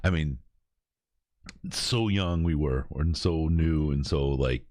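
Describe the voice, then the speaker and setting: A man with an extremely low, deep voice hosts a podcast in easy, laughing chat. His voice sits close and dry on the mic, with no room around it. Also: unhurried, no room sound. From Michigan. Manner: laughs often, animated storyteller. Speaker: podcast host. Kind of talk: casual chat.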